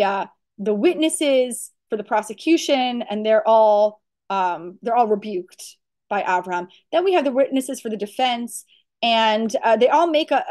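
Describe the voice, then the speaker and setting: A woman teaching a lecture on a religious text, emphatic and animated, often asking rhetorical questions. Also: a little high. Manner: animated storytelling.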